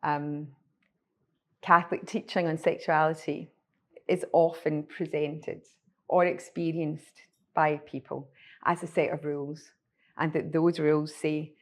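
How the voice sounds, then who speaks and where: A Scottish woman with a fairly low voice presents a conference workshop. She tells a story at an unhurried pace, often pausing on "um" and restarting her sentences. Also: flat delivery. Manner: storytelling, frequent ums and restarts. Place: conference room.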